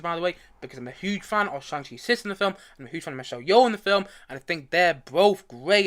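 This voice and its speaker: A man's voice: a little high, fairly bright tone. A man hosting a casual movie review live stream, chatting in a rambling way with frequent restarts and asides. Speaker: movie review livestream host.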